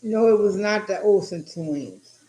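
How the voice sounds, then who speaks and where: High-voiced man ranting in an echoey room. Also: a little slow, muffled recording. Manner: profane, animated, acts out quotes. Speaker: vlogger. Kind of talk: casual storytelling rant.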